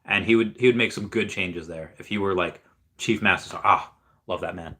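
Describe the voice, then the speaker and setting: A young man hosts a relaxed livestream, rambling cheerfully and answering viewer comments as they come in. His voice sits low but sounds bright and forward. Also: a little fast. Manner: rambling, upbeat, reads viewer comments aloud. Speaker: livestream host reading chat. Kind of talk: casual livestream chat.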